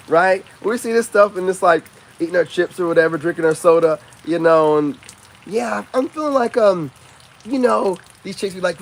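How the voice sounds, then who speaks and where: Loose-talking mocking man with bright pitch. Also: sing-song, measured pace, creaky, pauses often. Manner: loose, mocking, lots of filler phrases. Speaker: online commentator. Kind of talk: casual rant to camera.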